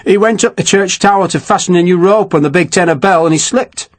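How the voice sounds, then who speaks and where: A man's voice: sits high, a little fast, pitched above the performer's own voice, natural voice. A man voicing a gaunt, earnest soldier from the countryside who gossips and is easily shocked.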